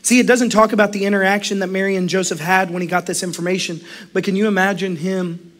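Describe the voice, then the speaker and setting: A middle-aged man preaching a sermon as pastor, animated, acting out quotes and laughing often. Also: sits high, fast talker.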